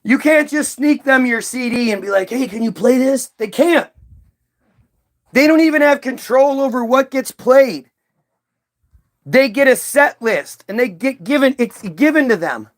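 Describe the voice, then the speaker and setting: A man's voice: extremely high pitch, animated, measured pace. Heated, rambling man ranting to camera. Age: adult, old enough to recall early-2000s hits. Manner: profane, heated, frequent restarts and trailing asides. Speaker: video commentator. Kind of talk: rambling off-the-cuff monologue.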